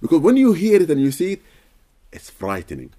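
A man's voice: fairly high pitch, wildly swooping pitch, a little fast, dark tone. A man answering questions as an Islamic teacher in a casual talk, earnest and checking understanding with frequent "okay?".

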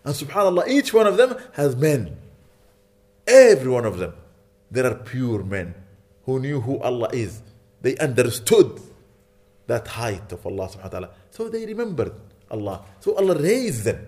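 Very animated yet speaking at normal speed, a male preacher gives an earnest mosque sermon in a middle pitch with a darkish tone and long pauses. Repetition drives his points, he checks in often with worshippers, and Arabic phrases and recitation flow naturally from him.

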